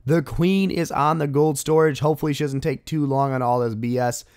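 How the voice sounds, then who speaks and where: Excitable man doing casual game commentary. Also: a little high, brisk, clean tone, dry recording, studio quality. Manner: excitable, exclaims at game moments. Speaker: gaming video host.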